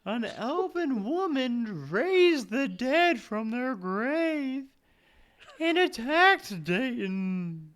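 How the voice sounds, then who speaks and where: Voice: big pitch swings, fairly bright tone, full character voice. A game master putting on a wailing female ghost. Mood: timid, ghostly. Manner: high, wavering, drawn-out ghostly wail. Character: female ghost of a murdered young woman, timid.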